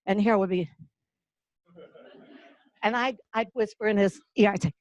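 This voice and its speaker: A woman's voice: medium pitch, animated, no echo, rough recording. An older woman from the North Carolina-Virginia border, giving a folksy, heartfelt award tribute. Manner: folksy storyteller, slow and emotional. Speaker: award presenter.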